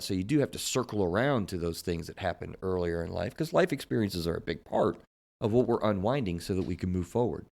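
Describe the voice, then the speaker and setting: A man with a low voice hosts a casual podcast as a therapist. He speaks in a halting way, restarting and repeating words as he works through his thoughts. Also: gravelly.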